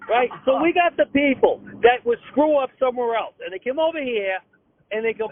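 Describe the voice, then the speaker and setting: High-pitched comic ranting by phone. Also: male voice, expressive, no echo. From Boston. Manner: rapid, repetitive, stammering restarts. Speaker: comedian guest. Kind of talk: comic rant. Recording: tinny phone-like line.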